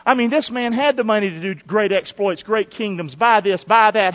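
A man's voice: sits high, normal speed, hardly any pauses, fairly bright tone, highs cut off. A male pastor preaching a sermon and calling for responses from the congregation.

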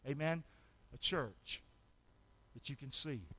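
A man preaching a sermon as pastor, calling for amens and swinging from loud shouts to hushed asides. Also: mid-range voice, expressive, slow pace.

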